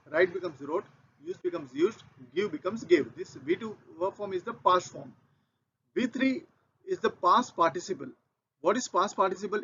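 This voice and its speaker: Methodical Indian English male teacher, high voice, dull lo-fi recording, repeats rules for learners. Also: creaky, fairly bright tone, slight background noise. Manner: methodical, repeats key points. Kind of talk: grammar lesson. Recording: dull lo-fi audio.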